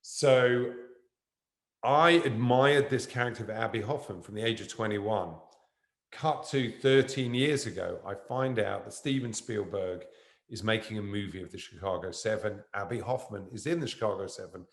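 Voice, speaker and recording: Low-voiced man telling a lively story. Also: moderate pace, reverberant. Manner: animated, jumps around in the story. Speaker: guest actor. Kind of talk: storytelling anecdote on stage. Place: university event room.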